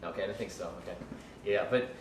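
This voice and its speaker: A man's voice: low voice, racing. A man teaching a live class in a loose, rambling way, with many restarts and fillers and jokes for the listeners. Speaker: ministry school teacher. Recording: echoey room, mic at a distance, faint background noise.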